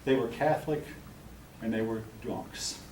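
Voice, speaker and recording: A man's voice: mid-range voice, unhurried, darkish tone, slight background noise. An older man teaching a history class, lecturing plainly with blunt, opinionated asides to his students. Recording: roomy classroom recorded from a distance.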